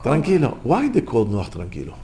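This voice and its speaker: Gravelly man preaching in broken English. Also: mid-range voice, wildly swooping pitch, brisk, warm tone. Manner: emphatic, repetitive, rhetorical questions, broken English. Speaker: religious teacher. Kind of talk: sermon.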